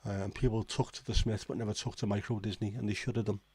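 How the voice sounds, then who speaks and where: Male livestream host, lowish voice, chatty and sweary, dry close sound. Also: little pitch movement, fast talker, darkish tone, husky, no echo. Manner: chatty, swears freely, reacts with disbelief. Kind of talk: casual chat reading viewer comments.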